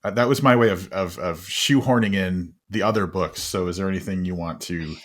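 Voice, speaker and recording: Deep-voiced enthusiastic male host. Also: fairly quick. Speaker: podcast host. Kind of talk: casual interview.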